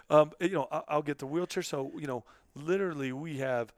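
A man's voice: fairly high pitch, moderate pace, no echo, studio quality. A middle-aged man hosting a podcast in casual chat, talkative and openly emotional, with lots of fillers. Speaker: podcast host.

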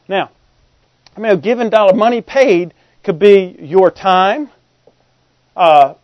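A man's voice: high voice, dry recording, muffled recording. A middle-aged man, preaching a sermon in a folksy, conversational way and often asking the congregation if they follow. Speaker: pastor.

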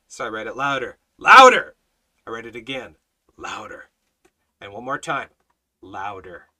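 An earnest man leading a Bible study, mixing scripture with personal testimony. His voice sits a little high and sounds bright and forceful, and he stammers into repeated words when emotion rises. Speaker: Bible teacher and street evangelist.

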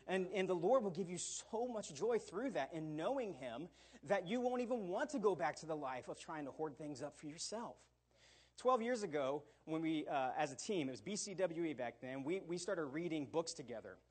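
A middle-aged male pastor giving an animated sermon, often checking in with "all right?" and acting out quotes. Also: a little high, normal speed, slightly rough. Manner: animated preaching with repeated "all right?" asides and acted quotes.

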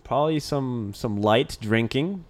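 A man's voice: mid-range voice, a little slow. A podcast co-host with an ordinary mid-range male voice. He chats in an easygoing, slangy way, drifting through memories and weekend plans. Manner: laid-back slangy banter. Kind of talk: casual podcast chat.

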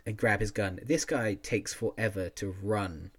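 A man's voice: on the low side, unhurried, husky. A man co-hosting a casual movie podcast, joking, acting out lines and laughing often. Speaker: podcast co-host. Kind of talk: casual movie-review banter.

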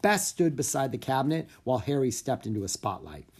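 Kids chapter book read aloud, lively bouncy storytelling. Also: medium pitch, fairly quick, breathy edge. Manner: expressive, animated storytelling. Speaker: storybook narrator.

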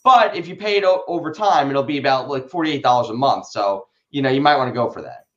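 A man's voice: mid-range voice, fast talker, fairly bright tone, muffled recording. A man in a casual podcast discussion, riffing with jokes and sarcasm. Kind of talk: casual podcast panel talk.

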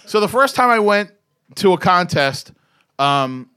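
An older man from the eastern United States tells a rambling story in casual chat, swearing freely and cutting in on others. His voice is bright and forceful, pitched a touch high for a man. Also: big pitch swings, unhurried, smooth. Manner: loud, profane, interrupting storyteller. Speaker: podcast guest.

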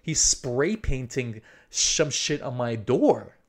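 A man's voice: mid-range voice, very animated, slow. A young man casually telling a story, rambling with lots of fillers, swearing freely and acting out his own inner thoughts.

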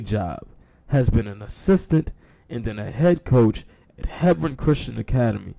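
A man's voice: medium pitch, expressive, moderate pace, gravelly, warm tone. A man hosting a sports talk show, speaking casually with sarcastic, mock-apologetic humor and frequent y'all.

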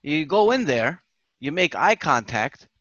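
A man's voice: fairly high pitch, big pitch swings, measured pace, fairly bright tone, no echo, dull audio. A man telling a story with animation on a casual podcast chat, swearing and repeating himself. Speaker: podcast host.

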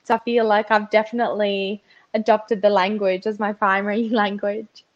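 A woman's voice: medium pitch, flat delivery, normal speed. A young woman from Russia with an Australian accent, chatting casually as an interview guest. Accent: Australian with a slight posh tinge. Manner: chatty, laughs between phrases. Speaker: guest, pageant finalist. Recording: dull lo-fi sound.

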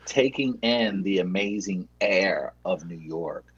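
A man in casual comic chat, reporting his trip in a deadpan, mock-earnest way. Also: sits low, slow, dull audio, a crowd in the background. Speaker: show regular reporting from a trip.

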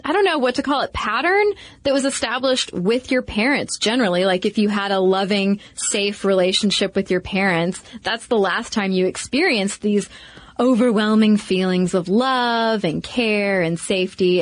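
A woman co-hosting a podcast, explaining research in a chatty, lively way. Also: medium pitch, no echo, studio quality. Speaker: podcast co-host. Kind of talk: casual podcast chat.

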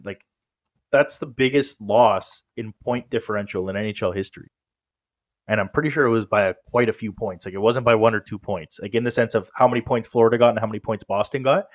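A man co-hosting a casual sports podcast, talking in a rambling way with many fillers and restarts. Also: medium pitch. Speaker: podcast co-host.

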